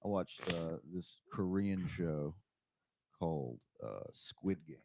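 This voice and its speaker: A man with a mid-range voice tells things flatly on a comedy podcast. He is blunt and drops casual swears. The sound is close and dry. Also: deep voice, slow, no room sound. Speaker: podcast co-host. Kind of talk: casual chat.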